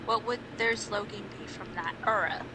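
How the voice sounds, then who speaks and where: A woman's voice: mid-range voice, normal speed, very noisy. A woman co-hosting a casual podcast with friends, giggly and playful. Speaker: podcast co-host. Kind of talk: casual chat among friends.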